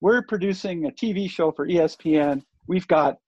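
A man's voice: high voice, normal speed, a little mellow, breathy edge, no echo. An older man, a guest on an interview show, telling a story in a loose, rambling way with lots of fillers and restarts. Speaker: interview guest, surf TV producer. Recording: dull lo-fi dry recording.

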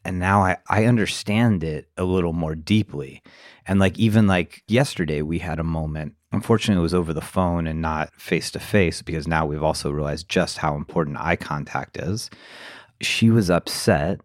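A man co-hosting a podcast, talking in a reflective, halting way with lots of fillers. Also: low-pitched, no room sound, studio quality. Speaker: podcast co-host. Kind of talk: casual podcast chat.

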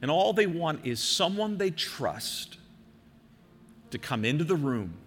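An older man, a pastor from the American Midwest, preaching an earnest sermon that slows and softens for emphasis. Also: fairly high pitch, sing-song, in a large hall, slight background noise.

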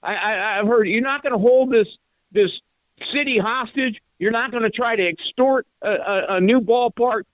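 A man's voice: very high voice, no room sound. Frustrated older man ranting down a phone line. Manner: halting, repeats words, frustrated ranting. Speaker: radio call-in listener. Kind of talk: angry fan phone call.

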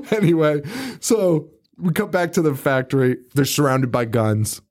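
A male podcast co-host recapping a film in casual chat, laughing often, swearing and acting out characters in quick voices. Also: a little high, lively intonation, a little mellow.

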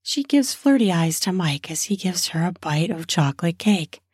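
A woman's voice: lowish voice, animated, moderate pace, few pauses, darkish tone, breathy edge, dry recording, studio quality. A woman improvising an erotic story off the cuff, narrating in a spontaneous, conversational way.

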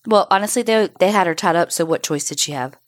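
A woman's voice: fairly low pitch, quick pace, dry recording, studio quality. A woman co-hosting a podcast in casual chat, reacting with grossed-out interjections and wry jokes. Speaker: podcast co-host.

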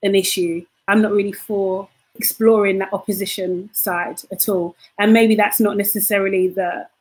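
A woman's voice: medium pitch, level tone, normal speed, a little mellow. A woman co-hosting a casual opinion podcast. She talks earnestly and keeps checking in with her listeners. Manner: earnest, often asks "do you know what I mean".

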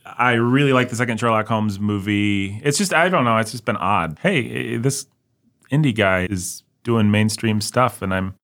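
Male podcast host, casual chat, rambling, animated, lower-pitched voice. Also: normal speed.

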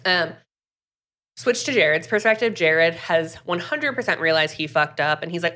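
A woman's voice: on the low side, lively intonation, normal speed, fairly bright tone. A woman co-hosting a podcast, chatting casually and acting out characters' lines with lots of "like". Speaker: podcast co-host recapping a book. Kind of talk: casual chat.

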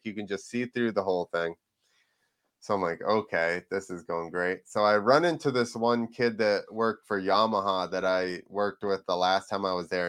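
A man's voice: on the low side, a bit bright. A man guesting on a podcast, telling a rambling story in casual chat, acting out the people in it and swearing now and then. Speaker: podcast guest, freestyle motocross rider.

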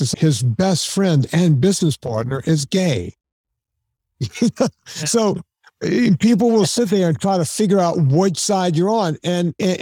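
A man's voice: fairly high pitch, dark tone, no echo. A man as a podcast guest in casual conversation, telling opinionated stories in a blunt way. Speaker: podcast guest, show host.

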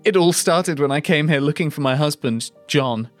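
A man's voice: expressive, moderate pace, faint music behind. A man voicing a distraught woman in her thirties, reading her lines in a melodramatic way. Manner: melodramatic, high put-on voice.

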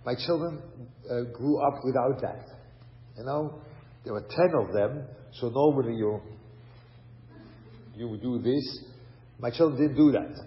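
A man's voice: medium pitch, unhurried, pauses often. An older man giving a conversational lecture on raising children, often asking rhetorical questions and mixing in Hebrew and Yiddish terms. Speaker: rabbi and lecturer. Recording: dull lo-fi recording in a hall.

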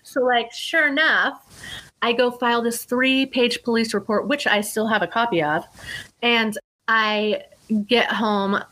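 A young adult woman, a guest on a talk podcast, telling a story in an animated way, acting out her own quotes and swearing casually. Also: on the high side, measured pace, rough recording. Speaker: psychic life coach, guest.

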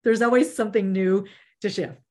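Mellow and steady, this woman's medium-pitched voice moves at a moderate pace. She's a media trainer being interviewed, talking earnestly and conversationally, with frequent restarts and plenty of "you know".

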